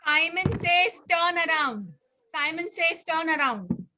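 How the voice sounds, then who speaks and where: A woman teacher leading a children's class over a video call, coaxing and brisk as she calls on pupils by name. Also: very high voice, expressive, bright, forceful tone.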